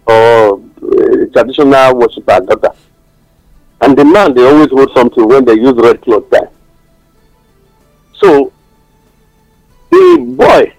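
A man's voice: mid-range voice, gravelly, darkish tone, no echo, poor audio. A man with a Nigerian accent giving passionate radio talk-show commentary, mixing English with Pidgin and telling stories. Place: radio studio.

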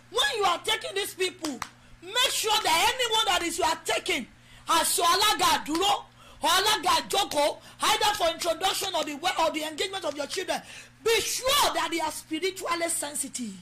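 Nigerian woman preacher, very high and bright, emphatic exhortation, faint hum behind. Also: normal speed. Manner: emphatic, exhorting, switches into Yoruba. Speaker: preacher leading prayer. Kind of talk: sermon with prayer over a live stream.

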